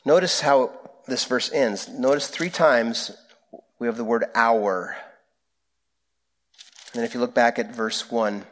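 A male pastor with a medium-pitched voice preaches a sermon. He speaks earnestly and prayerfully, with slow, deliberate phrasing.

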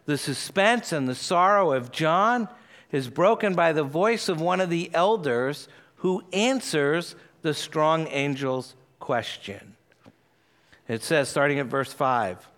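A man's voice: a little high, unhurried, fairly bright tone. A man preaching an expository sermon, explaining the passage and reading scripture aloud with earnest emphasis.

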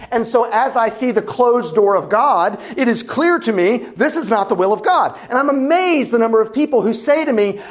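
A middle-aged man preaching a sermon as a pastor, in a conversational, wry, humorous way and throwing rhetorical questions at his listeners. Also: very high-pitched.

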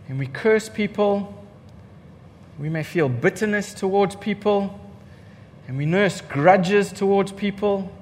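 A man's voice: high-pitched, in a large hall, slight background noise. A man preaching a sermon as pastor, emphatic, repeating key lines for effect and putting rhetorical questions to the congregation.

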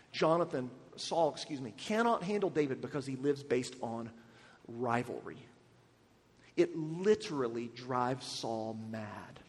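A man preaching a sermon, with emphatic rhetorical questions and sudden drops to a quiet voice. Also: mid-range voice. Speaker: pastor. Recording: long hall reverb.

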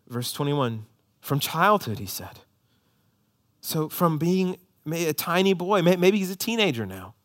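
A man in his thirties preaching a sermon as a pastor, swinging between quiet, tender asides and raised, emphatic calls. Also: a little high.

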